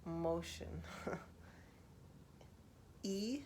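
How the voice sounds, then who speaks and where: A woman speaking softly for ASMR, musing aloud with pauses and half-whispered asides. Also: on the low side, slight background noise. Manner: reflective, thinking aloud with pauses. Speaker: host. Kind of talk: soft-spoken ASMR poetry analysis.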